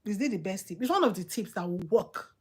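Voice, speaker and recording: A woman's voice: medium pitch, animated, fast talker, slightly rough. A woman with a Nigerian accent, hosting a channel and giving casual, emphatic advice that she repeats for effect. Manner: emphatic, repetitive, preachy. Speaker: channel host.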